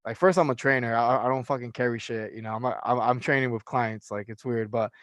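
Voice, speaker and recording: A man's voice: medium pitch, fast talker, no echo. Young man, personal trainer, casual podcast chat, swears a lot, fillers, dry close sound. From California. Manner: animated storyteller, profane, many fillers.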